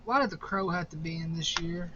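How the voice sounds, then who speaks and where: A man's voice: a little high, brisk. A young man casually ranking horror movies in a rambling, profane way, often laughing. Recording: slightly dull recording with faint noise.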